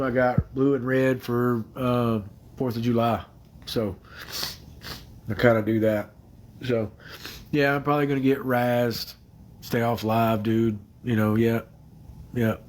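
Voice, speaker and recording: Tearful guy livestreaming from his bedroom on a phone, halting and apologetic, very slow delivery. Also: medium pitch, steady tone, a little mellow, slight background noise. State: crying. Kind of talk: casual livestream chat. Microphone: phone camera.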